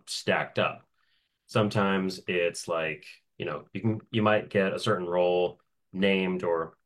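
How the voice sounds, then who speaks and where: A man's voice: deep voice, fairly bright tone. A man who works as a voice actor, telling stories in a casual interview and laughing often between phrases. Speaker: voice actor guest.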